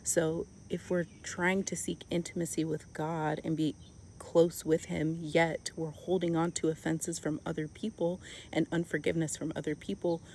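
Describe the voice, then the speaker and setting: Soft-spoken young woman, faint crickets behind. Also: low voice, slight background noise. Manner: earnest, softly spoken, with many "like" fillers and restarts. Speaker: Christian vlogger. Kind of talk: casual devotional talk to camera.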